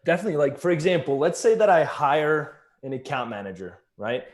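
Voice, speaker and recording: Male guest, slightly higher voice, earnest explainer, conversational. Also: very animated, fairly quick. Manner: earnest, explanatory, builds points with examples. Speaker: guest, agency founder. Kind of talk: casual interview chat.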